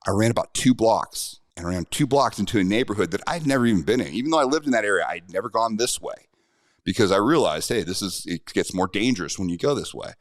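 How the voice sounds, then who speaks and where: A man's voice: on the low side, lively intonation, fast talker, no echo, clean studio sound. A middle-aged man and self-defense instructor telling a personal story in a conversational, earnest way.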